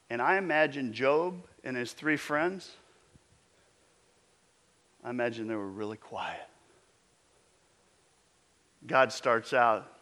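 Slow, bright-voiced male preacher. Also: mid-range voice. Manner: animated, emphatic preaching with repeated restarts. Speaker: pastor. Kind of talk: sermon.

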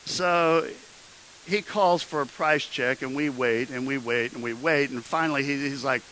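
A man's voice: medium pitch, normal speed, sharp tone, slight background noise, low-quality recording. A man preaching as a pastor, telling a personal story in a conversational way with frequent restarts and building to emphatic exhortation. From Midwestern United States. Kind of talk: sermon storytelling.

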